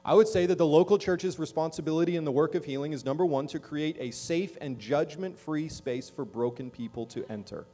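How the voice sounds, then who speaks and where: A man's voice: on the high side, a little fast, hardly any pauses, mellow, faint music behind. A middle-aged man preaching a sermon as pastor in a church, talking conversationally and often checking in with the congregation. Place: church sanctuary.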